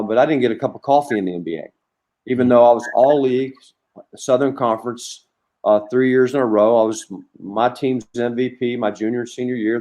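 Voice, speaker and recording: A middle-aged man, a former college basketball coach, telling long anecdotes as a podcast guest with lots of restarts. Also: medium pitch. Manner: rambling, animated anecdotes with many restarts. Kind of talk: storytelling in a conversation.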